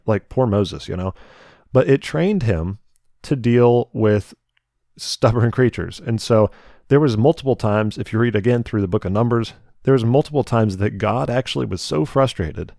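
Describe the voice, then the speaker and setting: A young man giving a conversational Bible teaching, retelling scripture stories in a lively, chatty way. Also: lowish voice, no echo, clean studio sound. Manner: conversational, animated retelling with voiced asides. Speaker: preacher.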